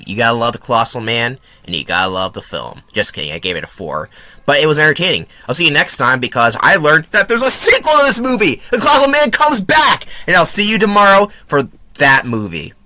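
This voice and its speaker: Bright, animated, swearing young man. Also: on the high side, a little fast. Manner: profane, sarcastic and animated. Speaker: movie reviewer. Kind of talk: casual film review commentary.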